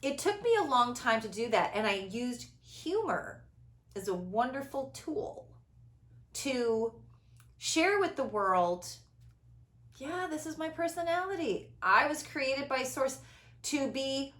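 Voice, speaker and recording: A middle-aged woman talking loudly and dramatically, with big inflection and frequent laughs. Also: high voice, very animated, slow. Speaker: host. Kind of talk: casual conversation. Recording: echoey room.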